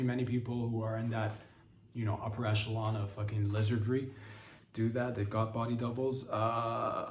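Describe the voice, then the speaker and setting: A man hosting a comedy podcast, rambling through crude, deadpan absurd stories in a casual monologue. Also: mid-range voice. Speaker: podcast host. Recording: roomy sound, distant from the mic, faint background hiss.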